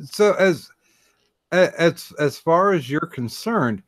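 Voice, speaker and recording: A man hosting a casual interview, asking questions with hesitant, halting phrasing. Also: a little high, expressive, a bit bright, no echo, studio quality. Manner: hesitant, many fillers and restarts. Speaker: podcast host.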